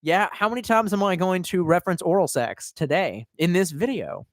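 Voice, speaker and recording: A man's voice: high-pitched, expressive, normal speed, no echo, clean studio sound. A young man ranting casually to his live chat, profane and rambling. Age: young adult. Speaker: live streamer.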